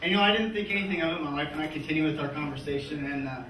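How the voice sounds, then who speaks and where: On a comedy club stage, a stand-up in his thirties rips through a crude live set, often laughing through his own punchlines. His voice sits on the high side and comes rapid-fire. The recording is distant and echoey, with loud audience noise.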